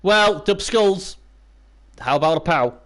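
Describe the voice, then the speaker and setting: A hoarse man calls a video game match live, his voice worn from the night before. His pitch swings widely from low grumbles to sudden squeaky cheers, and he talks to the chat like old friends. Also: takes it slowly. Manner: excitable, bursts into high yelps and cheers; chatty, talks to viewers and chat by name. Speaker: live stream commentator. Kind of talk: casual video game commentary.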